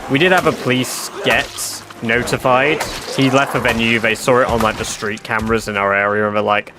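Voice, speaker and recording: A man chatting on a game stream, telling a story in an animated, swearing manner. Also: medium pitch, a little fast, noisy background. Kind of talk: casual livestream chat. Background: game music.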